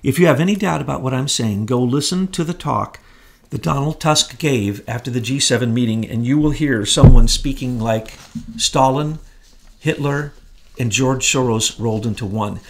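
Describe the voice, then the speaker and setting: A man's voice: mid-range voice, moderate pace, gravelly, a little hiss or hum. A man co-hosting a political commentary chat, emphatic and scornful in his delivery. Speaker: co-host.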